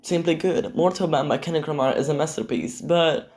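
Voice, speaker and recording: A man's voice: a little high, brisk, creaky, a little mellow. A teenage boy, sarcastically reading and answering comments in a casual commentary, swearing often. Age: teens. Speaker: YouTube commentator.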